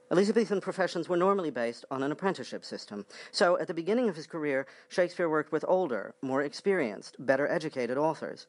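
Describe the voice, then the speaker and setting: Man, scripted narration, brisk pace, fairly high voice.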